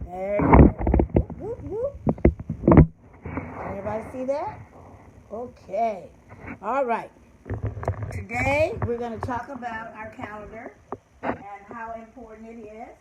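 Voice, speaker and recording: An older woman hosting a children's learning show, leading a calendar lesson in slow, encouraging teacher talk with cheerful call-outs. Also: a little high, animated, echoey room, heavy background noise.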